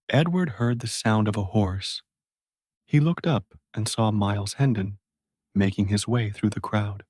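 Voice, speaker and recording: A man narrating a classic story slowly and clearly for English learners. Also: on the low side, darkish tone, no echo, studio quality.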